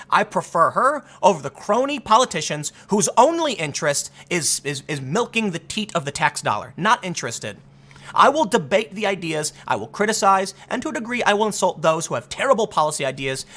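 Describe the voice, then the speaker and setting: A man giving solo political commentary in an animated, sarcastic way, rambling with frequent restarts. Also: high-pitched.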